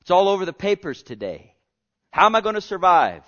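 Guy preaching hard, kinda high voice, goes loud then real quiet, muffled lo-fi sound. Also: big pitch swings, brisk. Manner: impassioned, swinging between loud pleading and hushed near-whispers. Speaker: pastor. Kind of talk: sermon. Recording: lo-fi dull sound.

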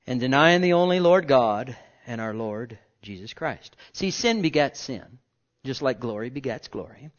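A man preaching a sermon as pastor, impassioned, moving from loud outbursts to hushed whispers. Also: mid-range voice, dull audio.

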